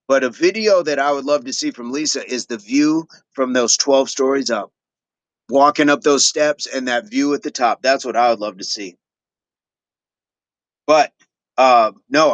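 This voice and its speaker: A man's voice: mid-range voice, a bit bright, no room sound. A middle-aged man hosting a fitness livestream, chatting casually with viewers and repeating affirmations as he reads their comments.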